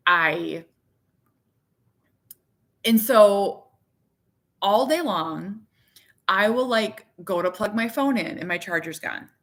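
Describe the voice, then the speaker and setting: A woman in her thirties chatting casually to her viewers from her living room, rambling and animated, with lots of "like". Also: medium pitch, slow, long pauses. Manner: rambling, heavy use of "like"; candid, animated. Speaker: vlogger, parent.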